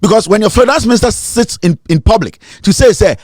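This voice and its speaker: A Ghanaian man with a fairly high voice, recorded close and dry. He talks in an emphatic, accusatory way, pressing his points hard and slipping between English and Twi. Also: animated, brisk, few pauses, darkish tone, no room sound. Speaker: political commentator. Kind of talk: fiery political rant.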